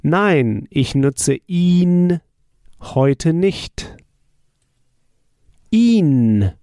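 Guy teaching a drill lesson, gravelly mellow voice, slow patient repeats. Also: mid-range voice, expressive, dry recording, clean studio sound. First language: German. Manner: patient, asks then answers, repeats phrases slowly. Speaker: language teacher. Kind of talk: spoken language drill lesson.

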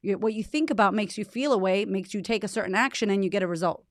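A woman in her thirties hosts her podcast from home in Australia, speaking in a mid-range voice at a quick pace. Her casual motivational talk is emphatic and chatty, with offhand swearing. The recording is dry and of studio quality.

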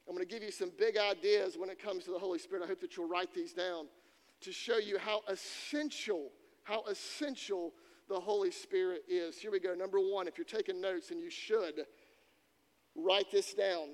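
A man's voice: high voice, normal speed. A man preaching a sermon to students, emphatic and repeating key phrases for weight. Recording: long reverb in a hall.

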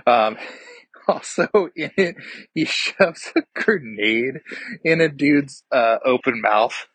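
A man's voice: mid-range voice, lively intonation, takes it slowly, a bit bright, slightly rough, dry recording, low-quality recording. A man recapping a movie plot in a casual, rambling way, swearing freely and trailing off into fillers and restarts. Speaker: podcast movie reviewer.

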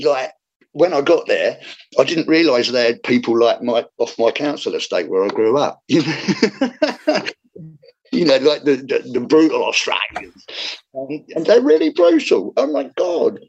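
A man's voice: mid-range voice, husky, highs cut off. A man, a comedian chatting in an interview, rambling with many restarts. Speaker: comedian guest. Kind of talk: casual interview chat.

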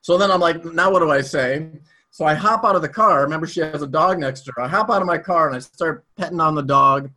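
A man as an interview guest telling a personal story in a casual, animated way. He swears freely. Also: a little high, fast, hardly any pauses.

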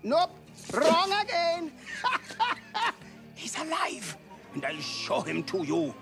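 Rafiki, a cackling old mandrill. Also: male voice, very high-pitched, huge pitch swings, slow, vocal fry, over music, heavily acted. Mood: teasing. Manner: teasing, cackling, sing-song. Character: eccentric old male mandrill sage.

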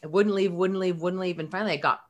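A woman's voice: lowish voice, fast. A middle-aged woman, a guest, telling an emotional personal story and acting out the dialogue in it. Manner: animated, acts out quoted dialogue.

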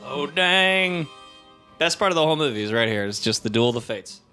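A man with a bright, sharp voice and a swooping, lively delivery banters through a film commentary. He jokes and laughs easily, with faint music underneath. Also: medium pitch, rapid-fire, clear, resonant tone. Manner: laughing, playful, riffs with impressions. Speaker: podcast co-host. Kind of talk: casual movie commentary chat.

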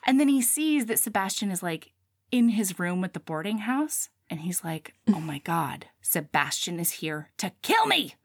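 A woman casually retelling a book's plot, acting out the characters' lines in quick bursts. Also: medium pitch, no room sound, clean studio sound. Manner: animated retelling, acts out dialogue. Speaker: podcast co-host. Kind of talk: casual book chat.

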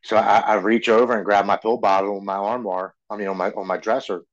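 A man's voice: lowish voice, steady tone, fast, muffled recording. A man in his forties, a podcast guest telling a personal story in an earnest way, often stumbling and repeating words. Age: 40s.

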